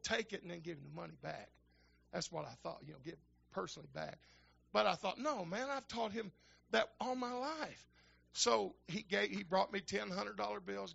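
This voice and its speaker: An older man, a minister telling folksy stories in a sermon that build to shouting fervor. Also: high voice, creaky, husky, highs cut off. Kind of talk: storytelling sermon.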